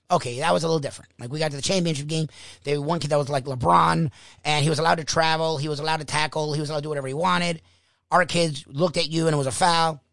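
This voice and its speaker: Exasperated ranting man, high gravelly voice. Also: no echo. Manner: animated, exasperated, laughing ranter. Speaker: radio show host. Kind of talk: ranting talk-radio monologue.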